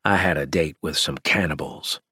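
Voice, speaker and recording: Deep husky male audiobook narrator. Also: normal speed, bright, forceful tone, no room sound, studio quality. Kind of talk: first-person audiobook narration.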